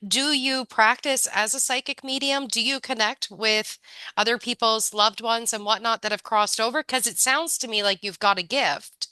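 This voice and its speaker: A woman's voice: a little high, moderate pace, bright, forceful tone, clean tone, no echo, rough recording. A woman hosting an interview podcast, listening, affirming and reflecting on the guest's experiences. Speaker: podcast host. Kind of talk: casual interview conversation.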